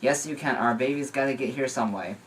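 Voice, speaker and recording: A man's voice: medium pitch, a little fast, distant mic, slight background noise, lightly acted, rough recording. A man reading a tearful, tender young dad. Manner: soft, emotional reading.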